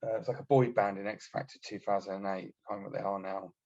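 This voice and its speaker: A man's voice: fairly low pitch, steady tone, rapid-fire, a little mellow. A man telling blunt, sweary stories in casual chat as a podcast guest, with many fillers. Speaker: guest, army veteran. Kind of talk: casual storytelling. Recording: dull, muffled audio.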